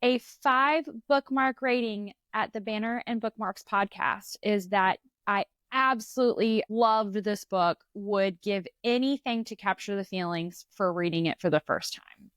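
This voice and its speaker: A woman's voice: mid-range voice, a little slow, a bit bright, clean tone, no room sound, clean studio sound. Bubbly woman, chatty podcast host. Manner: bubbly, laughing easily. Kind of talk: casual book-chat.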